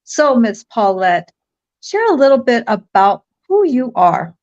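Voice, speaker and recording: A bubbly woman hosts a live online show, her voice pitched a bit high and full of laughter. The sound is somewhat dull and lo-fi, like a muffled stream. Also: sing-song, a little slow, a little mellow. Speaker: host. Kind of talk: enthusiastic livestream chat.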